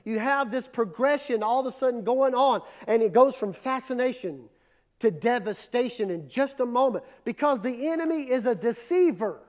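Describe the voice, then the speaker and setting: High-voiced pastor preaching emphatically. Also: male voice, expressive, moderate pace. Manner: emphatic, repetitive preaching with dramatic drops and surges. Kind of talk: sermon.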